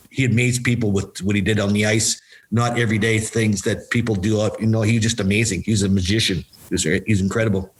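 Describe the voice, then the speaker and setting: An older man, a former hockey player and coach, answering interview questions with lively anecdotes and acted-out quotes. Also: medium pitch, rough recording. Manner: animated, acts out quoted dialogue, repeats himself for emphasis.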